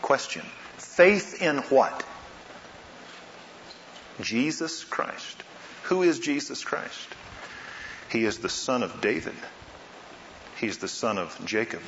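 A man preaching a sermon, asking rhetorical questions and swinging between soft and loud delivery. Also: mid-range voice, lively intonation, slow pace, long pauses, a little hiss or hum. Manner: dramatic swings in loudness and pace, rhetorical questions. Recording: roomy, slightly dull sound.

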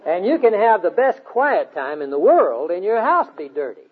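Husky high-voiced man preaching, tinny sound. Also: big pitch swings, normal speed. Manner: earnest exhorting preaching with storytelling. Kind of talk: sermon.

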